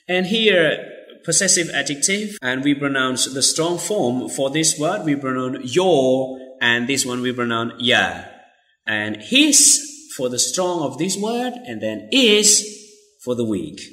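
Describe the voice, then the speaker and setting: A man teaching pronunciation, speaking slowly and deliberately and repeating words for drilling. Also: medium pitch, expressive, pushed and bright. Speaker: English teacher. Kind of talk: pronunciation lesson.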